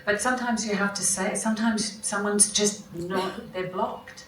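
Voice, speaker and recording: A woman's voice: medium pitch, fairly even intonation, unhurried, noisy background. Reflective woman in a roomy hall. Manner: reflective, with many restarts and self-corrections. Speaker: film actress, guest at an onstage conversation. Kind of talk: conversational interview answers. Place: large hall at a festival talk. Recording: roomy, distant mic, faint ambience.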